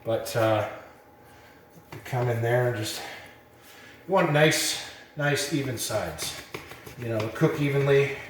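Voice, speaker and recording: A man giving a casual cooking demonstration, relaxed and rambling with plenty of fillers, a bit out of breath. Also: medium pitch, slow, long pauses, echoey room, slight background noise. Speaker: cooking instructor.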